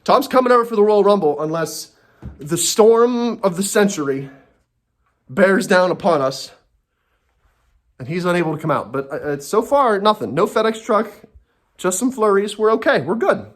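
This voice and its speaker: A man's voice: high voice, expressive, normal speed, long pauses. A man delivering an angry, profane and sarcastic comedy rant from home, talking to himself and breaking off mid-thought. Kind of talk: ranting comedy monologue.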